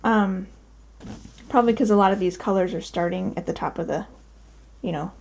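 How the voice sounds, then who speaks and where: A woman's voice: mid-range voice, moderate pace, gravelly, darkish tone. A woman chatting casually at home while showing her cross-stitch projects, upbeat and full of ums. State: out of breath. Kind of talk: casual show-and-tell vlog. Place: home, daughter's bedroom.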